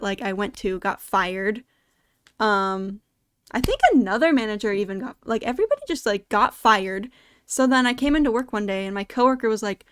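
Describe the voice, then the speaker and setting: A woman's voice: a little high, clean tone, no room sound, clean studio sound. A young woman hosting a podcast, telling a story in a casual, chatty way with lots of filler words. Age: young adult. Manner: chatty, animated retelling with many "like" fillers. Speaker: podcast host.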